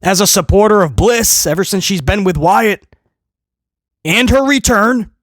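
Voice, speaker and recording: Brief: high-voiced male reviewer, animated and sarcastic, dry close-mic sound. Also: measured pace, no echo. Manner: animated, mocking impressions and quips. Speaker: wrestling show reviewer. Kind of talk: casual commentary.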